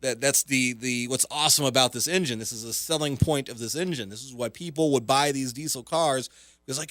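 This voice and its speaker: A man's voice: mid-range voice, a little fast, fairly bright tone, dry recording. A man hosting talk radio as a comedian, delivering a casual, rambling monologue full of fillers, sarcasm and self-mockery from a studio microphone.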